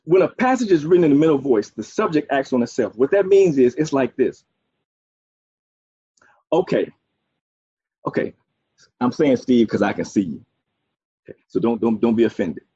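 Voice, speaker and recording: A man's voice: medium pitch, expressive, moderate pace, long pauses, mellow, husky, no echo. A man preaching a sermon, using folksy asides and a string of "okay"s. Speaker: pastor. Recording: dull, dry, muffled sound.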